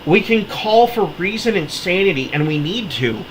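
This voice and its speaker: A man's voice: high voice, expressive, normal speed, slight background noise, rough recording. An American man delivering an impassioned political monologue, heated and pleading, his voice cracking as he gets worked up. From United States. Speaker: political commentator.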